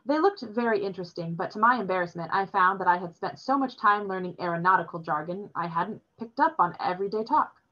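A woman reading a novel chapter aloud in a steady storytelling manner. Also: medium pitch, fairly quick, hardly any pauses. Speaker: reader. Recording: dull lo-fi recording.

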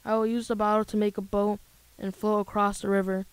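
A woman's voice: medium pitch, little pitch movement, a little fast, smooth, no room sound, close to an everyday voice, poor audio. A woman voicing an earnest, eager little frog boy in a children's storybook.

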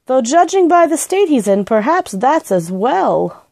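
A woman reading aloud and voicing a stout, motherly older housekeeper who exclaims and fusses in a high, fluttery voice. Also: very animated, unhurried, vocal fry, darkish tone, no room sound, exaggerated voice. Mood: startled fussing.

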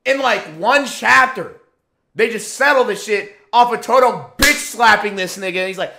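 A man giving a profane, exasperated rant as an anime commentator, firing off rhetorical questions and often shouting. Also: high-pitched, normal speed, vocal fry.

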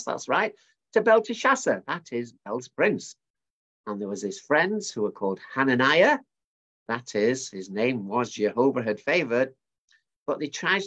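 A man's voice: mid-range voice, a bit bright. A man preaching at a family service, retelling a bible story in a chatty way with asides to his listeners.

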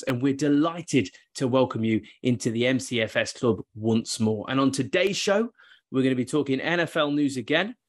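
A man hosting a football podcast, talking in casual banter with mock-grand, theatrical flourishes. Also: medium pitch. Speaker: podcast host.

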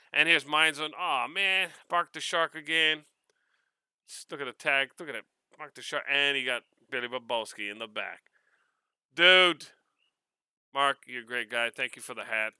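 A man from Hawaii with a Hawaiian-tinged accent, casually unboxing mail on his vlog, excitable and quick to laugh. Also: mid-range voice, clean tone, no echo. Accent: Hawaiian Pidgin-tinged English. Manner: excitable, laughs often, repeats words. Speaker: vlogger.

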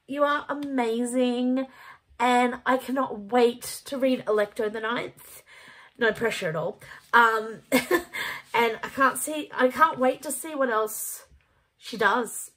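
A woman reviewing a book in a casual vlog, gushing and animated, with casual swearing. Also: fairly high pitch. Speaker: book vlogger.

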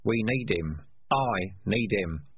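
Man doing a burdened rat leader, hushed, earnest, husky voice, lo-fi phone sound. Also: fairly low pitch, lively intonation, slow pace, dry recording, exaggerated voice. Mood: worried.

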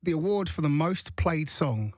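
A man's voice: on the high side, animated, moderate pace, dry recording. A man hosting a radio interview in a studio, upbeat and playful, teasing his guest. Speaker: radio host.

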